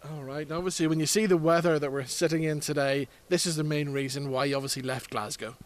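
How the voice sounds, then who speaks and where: Male chat-show host, slightly higher voice, friendly interviewer. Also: fairly even intonation, fast talker. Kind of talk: broadcast interview.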